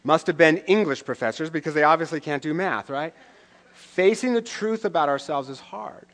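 A man's voice: a little high, moderate pace, a bit bright. Man preaching with wry humor. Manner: conversational preaching with wry asides. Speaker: pastor. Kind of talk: sermon.

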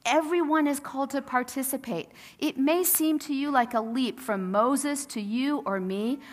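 A woman's voice: high voice, normal speed. A woman pastor preaching a sermon in a casual, storytelling way, acting out the quotes. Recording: long reverb of a church sanctuary.

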